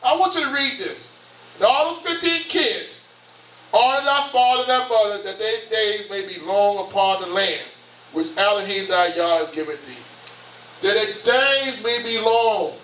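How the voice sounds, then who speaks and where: Fervent Southern preacher in his fifties, very high, bright voice, echoey sanctuary. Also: unhurried. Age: 50s. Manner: impassioned, repetitive preaching with rhetorical questions. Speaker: bishop. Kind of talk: sermon. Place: church sanctuary. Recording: echoey church from far off.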